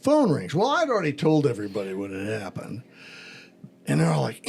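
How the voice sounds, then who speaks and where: A man's voice: a little high, very animated, brisk, vocal fry, darkish tone, breathy edge. A middle-aged man, a pastor hosting a podcast, telling a story in a casual chat and acting out the phone calls in it.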